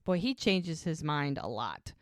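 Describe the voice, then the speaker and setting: A woman's voice: sits low, big pitch swings, a little slow, no room sound, clean studio sound. A woman co-hosting a podcast, casually recapping a TV episode and eagerly acting out the characters' lines as she retells each scene. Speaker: podcast co-host.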